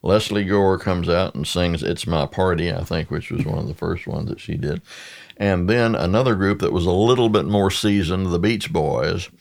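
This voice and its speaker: A man's voice: deep voice, normal speed, vocal fry. An older man, a podcast guest, telling stories in a rambling conversational way with many restarts. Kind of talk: conversational storytelling. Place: radio studio.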